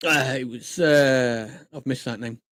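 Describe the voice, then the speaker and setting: A man's voice: medium pitch, measured pace. A chatty man talking off the cuff on a late live stream, telling stories and acting out little quotes as he goes. His voice sits in a middle register and comes across dry and close, with no room echo. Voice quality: chatty, animated storytelling with acted-out quotes. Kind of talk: casual live-stream chat. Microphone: desk mic at a computer monitor.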